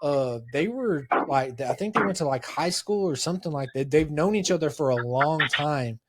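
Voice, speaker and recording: A man's voice: on the high side, lively intonation, moderate pace, heavy background noise. A man co-hosting a podcast, talking in a casual chat and rambling through stories with lots of "he was like" and acted-out quotes. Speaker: podcast co-host.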